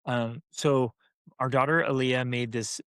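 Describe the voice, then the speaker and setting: A man co-hosting a parenting talk, telling a family story in a lively, playful way. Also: medium pitch, measured pace, clean tone, no room sound, studio quality. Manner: animated, acts out family voices. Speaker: parenting podcast co-host. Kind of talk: casual storytelling.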